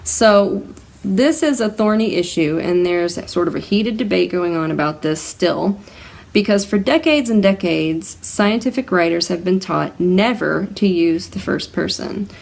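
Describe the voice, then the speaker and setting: A woman's voice: fairly low pitch, expressive, a little slow, gravelly, a little mellow. A woman hosting a writing-tips lesson, explaining grammar rules in a casual, conversational way with spoken examples.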